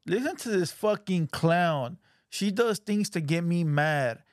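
A man rants through casual reaction commentary, blunt and full of swearing, calling people out. His voice sits a little high. The sound is dry and close, with no room to it. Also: expressive, measured pace, no room sound. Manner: blunt, profane, scolding. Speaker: reaction show host.

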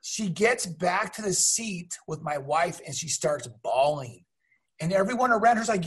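Animated husky man telling stories. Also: a little high, measured pace. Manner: animated, acts out voices in his stories. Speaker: guest, teacher and minor league mascot. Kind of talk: casual storytelling.

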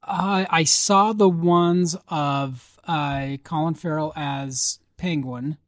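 A talkative man co-hosting a movie podcast, his voice sitting a bit high for a man. He rambles through the news with plenty of "uh"s, and the recording is close and dry with no room sound. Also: slow pace, no echo. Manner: chatty, reads out news items with fillers. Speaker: podcast co-host. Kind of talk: casual chat about movie news.

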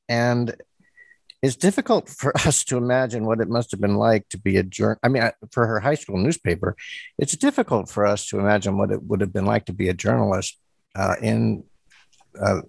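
A man with a somewhat low, gravelly voice hosts an interview. He asks questions haltingly, stammering and filling gaps with uh and um. The recording is dry, with little room sound. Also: no room sound. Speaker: podcast host interviewing an author.

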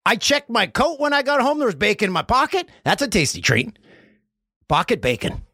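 A man's voice: high-pitched, brisk, breathy edge, dry recording, clean studio sound. A man hosting a podcast, from Canada, telling rambling jokey stories in a casual comedic monologue. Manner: rambling, jokey storytelling with lively swings. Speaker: podcast host.

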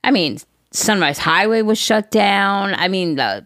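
A woman's voice: mid-range voice, lively intonation, a little slow, fairly bright tone, no echo, clean studio sound. A middle-aged woman co-hosting a podcast in casual chat, rambling with lots of "like" and "you know.". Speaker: podcast co-host.

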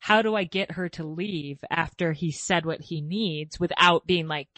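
Woman, podcast host, chatty, fairly low voice, dry close sound. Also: measured pace, fairly bright tone, no room sound. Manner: chatty, laughs easily, thinks aloud. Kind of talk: casual conversation.

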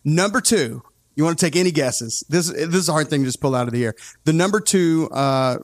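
A man hosting a casual music podcast. He talks in an opinionated, animated way and often breaks off his own sentences. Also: on the high side, brisk, no echo, clean studio sound. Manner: opinionated, animated, self-interrupting. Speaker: podcast host.

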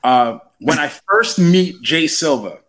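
A young man from New York telling a story in casual chat, rambling and animated with lots of "like". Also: on the high side, slow. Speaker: podcast storyteller.

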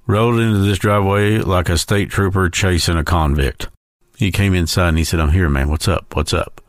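A man with a very deep, low voice hosts a podcast and tells a personal story as a tribute. He speaks slowly and from the heart, pausing between phrases. The recording is dry and close, with no room sound. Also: no room sound. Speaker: podcast host.

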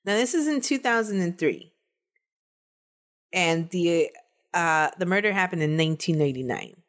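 A woman's voice: on the low side, expressive, normal speed. A woman co-hosting a podcast, telling a true-crime case in a casual, chatty way and laughing between the facts.

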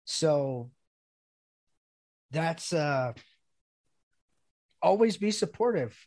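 A man's voice: on the high side, expressive, drawn-out words, darkish tone. A man who is a podcast guest and combat veteran, talking bluntly and profanely in casual chat.

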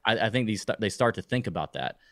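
Low-voiced man, dry close sound. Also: lively intonation, quick pace, a bit bright, dry recording. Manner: rambling, hesitant, with many restarts. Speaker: podcast co-host. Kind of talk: casual sports chat.

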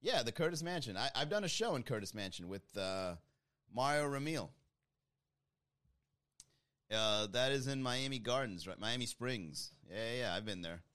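A man's voice: medium pitch, lively intonation, normal speed, pauses often, fairly bright tone. A man hosting a casual stream, reading chat comments aloud and riffing on them with a lot of laughter. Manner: laughs often, loose joking banter. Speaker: host reading live chat.

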